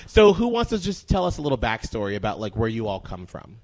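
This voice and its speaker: A man's voice: medium pitch, big pitch swings, a little fast, dry recording. Playful male morning-show host. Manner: playful, teasing. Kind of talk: casual interview chat.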